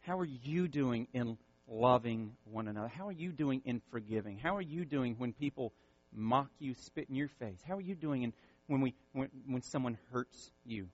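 A male pastor preaching an impassioned sermon, repeating words and swinging from loud peaks to soft, quiet lines. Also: medium pitch, lively intonation, normal speed, highs cut off.

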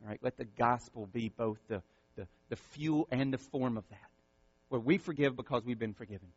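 A male pastor preaching an impassioned sermon, repeating words and swinging from loud peaks to soft, quiet lines. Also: mid-range voice, normal speed, breathy edge, no room sound, dull audio.

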